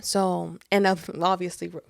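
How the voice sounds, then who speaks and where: A woman's voice: fairly low pitch, moderate pace, gravelly, dry recording, studio quality. Chatty rambling woman podcast co-host. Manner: rambling, animated retelling with many fillers and swearing. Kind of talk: casual chat.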